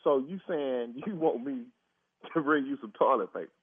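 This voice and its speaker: A man's voice: mid-range voice, expressive, normal speed, slightly rough, no room sound. A man on a phone call who refuses a stranger's request, exasperated and breaking into disbelieving laughter. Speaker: prank call target. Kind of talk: phone conversation. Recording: tinny phone line.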